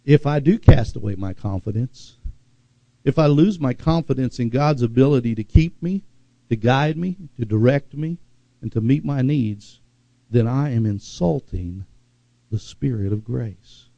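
A man preaching a sermon in a dark, mellow voice, with dramatic pauses and words drawn out for emphasis. The recording is dry and a little dull, as if lo-fi. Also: mid-range voice, lively intonation, vocal fry, no echo. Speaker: pastor.

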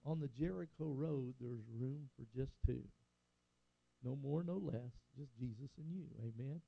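Older man, pastor, sermon, gravelly, dull lo-fi recording. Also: medium pitch, measured pace, no echo. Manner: preaching, rising and falling emphasis, call-and-response "Amen?".

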